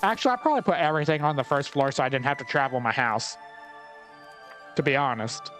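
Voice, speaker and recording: A man's voice: medium pitch, fast talker, a bit bright, soft background music. Wry man chatting through gameplay. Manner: wry, chatty, thinks aloud. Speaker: gameplay commentator. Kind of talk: casual gameplay commentary.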